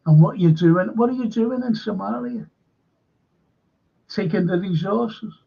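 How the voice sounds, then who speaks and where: A man hosts a live-stream current-affairs show, ranting and swearing between shout-outs to viewers in the chat. His voice sits a little high and sounds husky and gravelly. The stream audio is dull and lo-fi. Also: a little slow.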